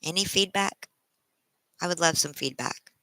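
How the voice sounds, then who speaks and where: A tired woman livestreaming to her viewers, close to tears, speaking in halting, emotional bursts and restarting her sentences. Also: fairly low pitch, pushed and bright, no room sound, low-quality recording. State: tired from a sleepless night. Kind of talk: casual live-stream chat.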